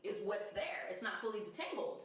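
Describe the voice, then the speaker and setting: A woman's voice: mid-range voice, animated, brisk. A woman narrates her own video clip, explaining things in a plain, matter-of-fact way. Her voice sounds distant from the mic, with a strong roomy echo around it. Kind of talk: vlog narration.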